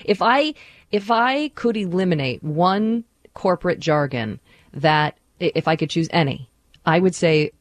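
A woman's voice: lowish voice, animated, unhurried, no echo. A woman radio co-host joking in a playful, self-mocking way during casual on-air banter.

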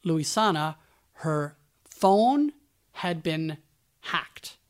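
A man's voice: a little high, expressive, extremely slow. A man hosting a radio show, telling a backstage story in a chatty way with conversational asides. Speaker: radio host.

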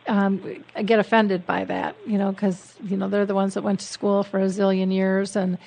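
A woman hosting a radio talk show in a relaxed, chatty way. She agrees readily and shares her own thoughts in a conversational tone, with a middle-pitched voice. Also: moderate pace, gravelly, rough recording. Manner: conversational and agreeable, often saying "you know". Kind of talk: casual interview chat.

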